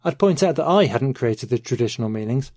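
A man narrating a novel in the first person, steady and measured. His voice sits in a middle pitch, recorded close with a dry, dead sound. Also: no room sound. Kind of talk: audiobook narration.

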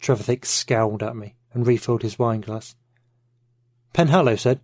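A man narrates a novel in the first person for an audiobook, keeping a steady, measured delivery. His mid-pitched voice is recorded close and sounds dry and dead, with no room sound at all.

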